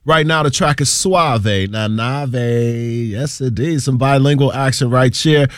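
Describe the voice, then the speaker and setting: A man's voice: mid-range voice, unhurried, no room sound. A male radio DJ hosting from a studio, with upbeat, slangy hype-man patter between songs. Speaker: radio DJ host.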